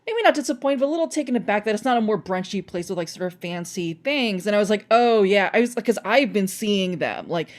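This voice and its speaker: A woman guest on a podcast, telling animated stories in casual chat and filling her talk with "like". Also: medium pitch, quick pace, few pauses. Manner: animated storytelling, lots of "like".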